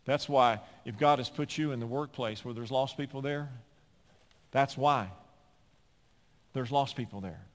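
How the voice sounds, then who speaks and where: A man preaching a sermon as a pastor, animated and climbing at times to near-shouting. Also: mid-range voice, a little slow, pauses often. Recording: long hall reverb.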